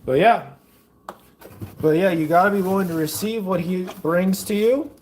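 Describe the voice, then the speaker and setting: A young man with a notably high voice talks loosely and rambles while he fixes food in his home kitchen. He records on a phone held in one hand, with a faint hiss behind him. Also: moderate pace, a little mellow. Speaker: faith vlogger. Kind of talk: casual vlog chat.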